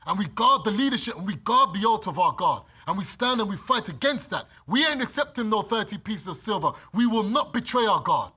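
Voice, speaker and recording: A man with a British accent, preaching a sermon and reading scripture, animated and acting out the scenes. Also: sits high, brisk, few pauses, breathy edge. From Britain. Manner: animated, acts out scenes, laughs often. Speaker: preacher leading bible study.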